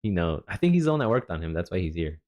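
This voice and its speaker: Low-voiced, lively, laid-back male streamer. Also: racing. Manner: rambling, laid-back, chatty asides. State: jet-lagged. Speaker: streamer reviewing a developer stream. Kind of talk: relaxed reaction commentary.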